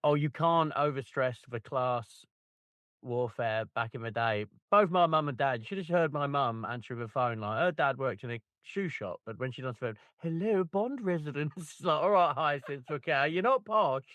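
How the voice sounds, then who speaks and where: A man's voice: mid-range voice, moderate pace, fairly bright tone, dry recording, highs cut off. A man co-hosting a book club podcast, chatting casually with wry, joking banter.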